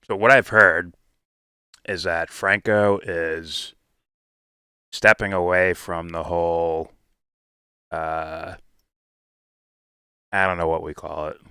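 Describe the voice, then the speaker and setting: A man's voice: low voice, flat delivery, slow pace, long pauses, bright, forceful tone, clear, resonant tone, no echo, clean studio sound. A man hosting a live reaction stream in loose, casual talk, swearing freely and laughing often.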